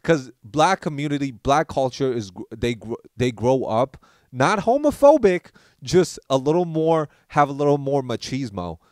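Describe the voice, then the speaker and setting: A man's voice: medium pitch, moderate pace, no room sound. A young man in the middle of his voice range, chatting casually as a podcast host. He rambles through a story, restarts his sentences and slips into the voices of the people he quotes. The sound is close and dry, with no room around it. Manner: rambling, animated, acts out quotes.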